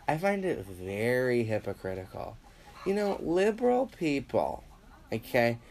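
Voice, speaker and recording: A man doing a casual comedic monologue as a podcast host. He rambles, swears freely, acts out other people's voices, and grows loud and animated when he gets worked up. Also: medium pitch, a little slow, vocal fry, a little hiss or hum.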